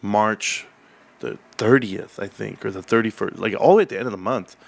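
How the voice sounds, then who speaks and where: A man's voice: lowish voice, normal speed, vocal fry. A man hosting a casual livestream, rambling and joking as he chats and reads the chat. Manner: rambling, animated, jokey. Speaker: livestream host.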